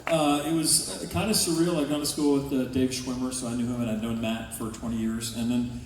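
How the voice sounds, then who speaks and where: A man's voice: mid-range voice, level tone, fairly quick, noisy background. A man on a convention panel relaxedly recalling his time on a sitcom set. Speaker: panel guest actor. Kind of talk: casual anecdote on a convention panel. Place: large convention hall with an audience. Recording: echoey hall recording from far off.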